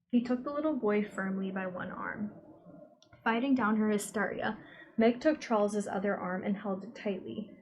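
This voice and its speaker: A woman reading a novel aloud as an audiobook narrator, giving the dialogue expressive voices. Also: medium pitch, moderate pace, rough recording. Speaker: audiobook reader.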